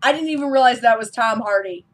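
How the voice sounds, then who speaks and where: A woman's voice: fairly high pitch, quick pace. Chatty woman reviewing a film. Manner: chatty and enthusiastic, frequent ums. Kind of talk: casual vlog review.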